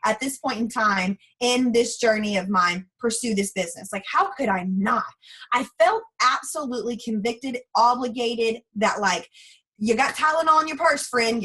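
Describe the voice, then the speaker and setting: A woman in her thirties who speaks with a drawl gives a frank, chatty motivational talk as a guest speaker for a sales team. Animated, she acts out quoted voices in a voice on the high side. The audio quality is poor.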